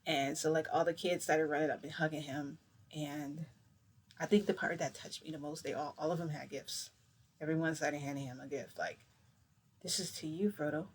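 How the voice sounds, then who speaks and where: A woman's voice: low-pitched, normal speed, slightly rough. A young woman casually telling a long story, rambling and acting out what everyone said. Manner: rambling, animated retelling with acted-out quotes and mild swearing. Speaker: vlogger telling a shifting story.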